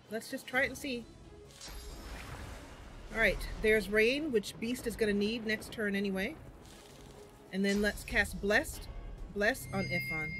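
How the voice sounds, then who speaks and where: A woman streaming a video game, thinking aloud over her moves and breaking into sudden cries when things go wrong. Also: mid-range voice. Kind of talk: livestream game commentary.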